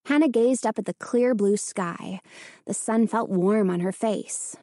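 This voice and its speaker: A woman narrating a children's storybook in an expressive storytelling manner. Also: medium pitch, measured pace, no echo, studio quality. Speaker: audiobook narrator. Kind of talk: scripted narration.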